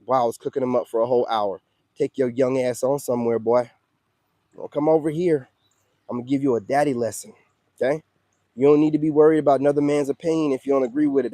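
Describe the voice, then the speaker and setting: A man's voice: on the high side, mellow, no echo. A man delivering a blunt, confrontational, preachy rant to his viewers, full of slang and "you know what I'm saying.". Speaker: self-styled spiritual coach. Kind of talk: ranting monologue to viewers.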